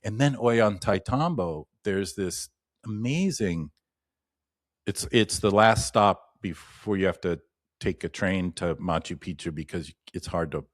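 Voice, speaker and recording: A man's voice: low-pitched, lively intonation, a little slow, dry recording, studio quality. A man, a shamanic practitioner, talking as an interview guest and telling rambling stories with many restarts and asides. He livens up when he retells anecdotes. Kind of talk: casual interview storytelling.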